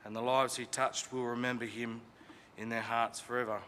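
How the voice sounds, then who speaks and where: A man reads a prepared eulogy slowly and steadily from his notes, his voice bright and forward. The chapel adds a long reverb. A faint room hum runs underneath. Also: medium pitch, flat delivery. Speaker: funeral eulogy speaker. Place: crematorium chapel.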